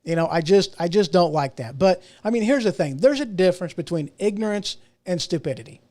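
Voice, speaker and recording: Rambling high-voiced male podcast host. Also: animated, a little fast, mellow. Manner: rambling, repeats words and restarts, self-mocking. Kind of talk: casual solo rant.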